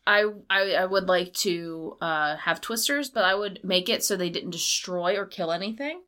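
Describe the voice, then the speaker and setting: A bright, sharp-toned woman in her thirties chats casually as a podcast cohost. She rambles through her thoughts, padding them with constant fillers. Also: fairly low pitch, normal speed. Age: 30s. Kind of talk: casual chat.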